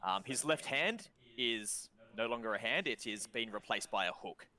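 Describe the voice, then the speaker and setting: An Australian man narrating a tabletop game as game master, describing scenes in a relaxed way with many ums. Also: medium pitch, normal speed.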